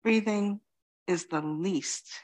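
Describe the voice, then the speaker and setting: A middle-aged woman from Queens giving a reflective dharma talk as a Zen teacher, pausing often and saying "you know". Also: medium pitch, darkish tone. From Queens, New York City. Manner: slow, reflective, many pauses and "you know".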